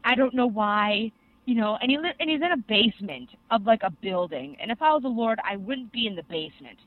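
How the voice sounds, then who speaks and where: A young adult co-host excitedly rambling through an anime recap in casual podcast chat, full of fillers. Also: mid-range voice, a little fast, no room sound. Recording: tinny phone-like sound.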